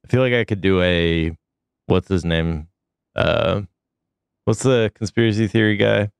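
Deep gravelly sick-sounding man. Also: measured pace, dry recording. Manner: relaxed, with many ums and uhs. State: sick, foggy. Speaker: podcast co-host. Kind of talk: casual news chat.

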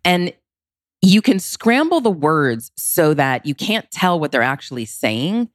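Low-voiced expressive woman, dry sound. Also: measured pace, no echo. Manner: expressive, emphatic with big pitch leaps. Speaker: relationship consultant. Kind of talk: podcast interview.

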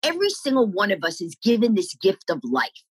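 Middle-aged woman comic, lively storyteller who acts out quotes; husky, dry close sound. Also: medium pitch, brisk, no echo, poor audio. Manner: animated, acts out quoted voices. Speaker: comedian guest. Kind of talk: storytelling interview answers.

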